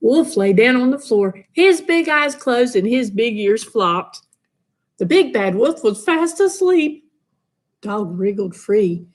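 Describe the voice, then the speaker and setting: Woman in a lively, unhurried story read-aloud. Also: on the high side. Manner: expressive, sing-song storytelling. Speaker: storybook reader. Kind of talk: children's picture book read-aloud.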